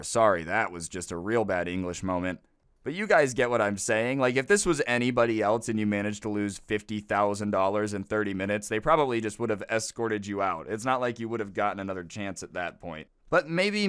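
A man's voice: fairly low pitch, normal speed, a bit bright, clean tone, no room sound, studio quality. A man narrating a storytime video in a chatty, casual way with slangy asides.

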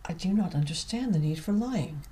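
A man voicing a young French mother in an audiobook reading, who is wary and defiant and speaks in soft, restrained lines. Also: sits high, animated, moderate pace, slightly rough. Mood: uneasy.

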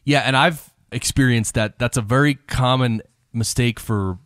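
A man hosting a podcast interview, chatty and quick to laugh, leaning on fillers as he asks questions and builds on his guest's answers. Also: medium pitch, a bit bright, clear, resonant tone, no room sound, clean studio sound. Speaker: podcast host. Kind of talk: conversational interview.

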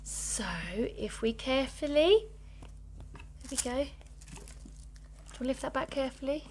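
A woman in her thirties gushes through a home unboxing, gasping and exclaiming as she talks with her daughter. Her voice sits a little high for a woman. A faint hum runs under the camera mic. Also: normal speed, long pauses, darkish tone. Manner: gushing, keeps gasping and exclaiming. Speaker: mother filming with her daughter. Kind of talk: excited unboxing vlog.

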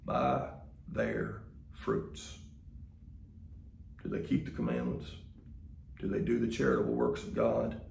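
A pastor delivers a sermon in a folksy, conversational way. His voice is deeply gravelly and fry-laden, and it rings around an echoey sanctuary over faint ambience. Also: sing-song, takes it slowly, long pauses, a little mellow, a little hiss or hum. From Mississippi, US.

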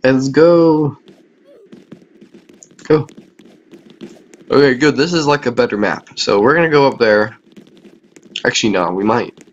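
A tired man giving rambling, chatty commentary over a video game, with quieter mumbled asides. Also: mid-range voice, a little slow, pauses often, muffled recording. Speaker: gameplay commentator.

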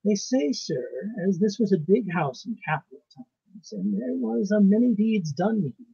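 A man's voice: fairly high pitch, lively intonation, moderate pace, warm tone, husky, highs cut off, full character voice. A man voicing a placid, stubborn old peasant housekeeper woman with rustic grammar, reading a ghost story aloud. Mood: ominous.

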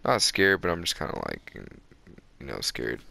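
A man giving live gameplay commentary on a close desk mic, excitable and boastful, with breathy asides to his viewers. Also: low-pitched, normal speed. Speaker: gaming video creator. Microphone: close desk microphone.

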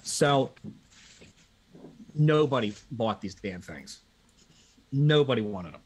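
A man from Pennsylvania, a guest on a live video call talk show, telling animated, profane anecdotes in a casual way. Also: medium pitch, slow pace, a little hiss or hum. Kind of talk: casual storytelling chat.

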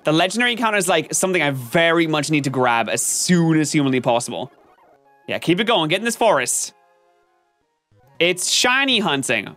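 A man streaming gameplay commentary, chatting with his viewers in an animated, self-mocking and melodramatic way. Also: high voice. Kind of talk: live-stream gameplay commentary, reading chat.

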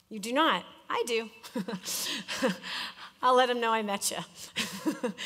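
A woman from California leading a live business seminar as a coach, teaching an audience in a direct, challenging, animated way. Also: mid-range voice. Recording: long reverb of a large hall.

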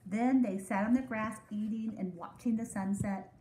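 A woman teacher reading a children's storybook aloud in a measured way. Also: a little high, fairly even intonation, a little mellow. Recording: echoey room.

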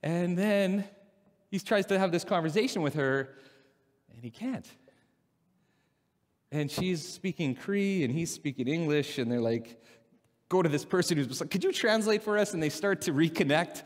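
A man preaching a casual, story-driven sermon in a church, animated and laughing at his own anecdotes. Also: a little high, moderate pace, pauses often. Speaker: pastor. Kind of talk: conversational sermon with stories. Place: church sanctuary. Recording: long hall reverb from a church.

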